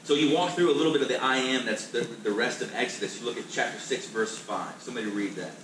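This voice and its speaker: A man's voice: mid-range voice, quick pace. Male pastor teaching in an echoey room. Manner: conversational, emphatic, repeats words as he restarts. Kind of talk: Bible class teaching. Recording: echoey room, distant mic, noisy.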